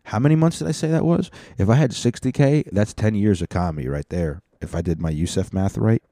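A man's voice: fairly low pitch, a little fast, warm tone, dry recording, studio quality. A young man hosting a podcast, rambling through a profane, self-mocking comedic monologue. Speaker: podcast host.

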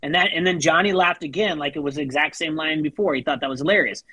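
A husky, slightly breathy co-host argues a point in loose chat, stacking up quotes and asking the listener to think it over. Lines often drop off quieter at the end. The sound is close and dry. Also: mid-range voice, quick pace, no echo, rough recording. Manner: argumentative, builds a point, quotes people, trails off quietly. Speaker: podcast co-host. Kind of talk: casual chat recapping a reality show.

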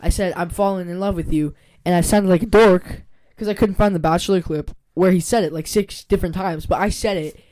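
A man's voice: sits high, steady tone, darkish tone. Joking young man, casual podcast chat. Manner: teasing, joking, quick to laugh. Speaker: podcast co-host.

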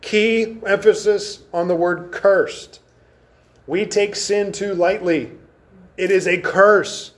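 A man with a fairly high voice teaches an adult Bible class in a church classroom. He speaks with emphasis, reading scripture aloud and dwelling on key words. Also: steady tone, slow pace. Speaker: Sunday school teacher.

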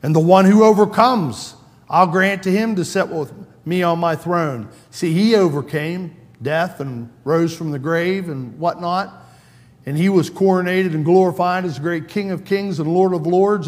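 A man's voice: high-pitched, a little slow, big-room sound. A man preaching a sermon in a conversational way, acting out quoted lines with a raised voice. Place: church sanctuary.

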